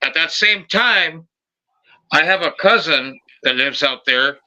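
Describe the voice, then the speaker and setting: A man with a very bright, forceful voice tells a story on his podcast. He acts out each voice in the story and swears freely, keeping the chat loose and lively. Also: fairly high pitch, slow pace, rough recording. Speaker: podcast host.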